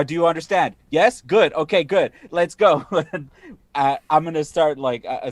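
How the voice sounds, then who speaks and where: A man playing a tabletop game, speaking in a halting, playful way with stammering starts. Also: medium pitch, dry recording. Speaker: player.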